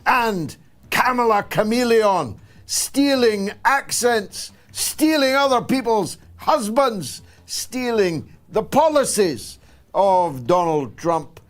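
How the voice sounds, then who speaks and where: A Scottish man in his sixties hosting a political talk show, delivering a sarcastic, emphatic monologue with dramatic pauses. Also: sits high, expressive. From Scotland. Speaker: host.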